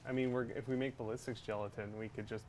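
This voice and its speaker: A man's voice: fairly low pitch, steady tone, fast talker, darkish tone, slight background noise. A man chatting casually as a guest on a livestream, talking through his work in a laid-back way and thinking aloud. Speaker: guest prop maker.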